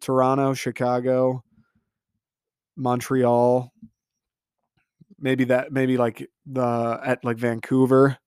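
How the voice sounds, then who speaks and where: A man's voice: mid-range voice, completely flat delivery, slow pace, pauses often, a little mellow, clean tone, dry recording, studio quality. A young man from the Detroit area ranting solo about his sports teams, frustrated and profane, rambling from one point to the next. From Detroit area, Michigan. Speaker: sports podcast host.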